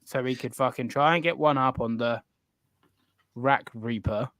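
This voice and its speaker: A man's voice: mid-range voice, a little slow, a bit bright, dry recording, studio quality. A man co-hosting a casual podcast chat, boastful and playfully indignant, swearing a lot. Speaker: podcast co-host.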